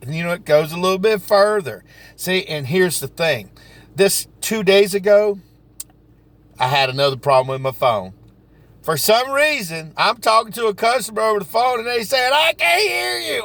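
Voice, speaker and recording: A man with a Southern US accent telling stories from his sales work in a folksy, animated way. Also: high-pitched, vocal fry, no room sound. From Southern United States. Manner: folksy, animated, dialect grammar like "ain't nobody". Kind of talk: casual storytelling vlog.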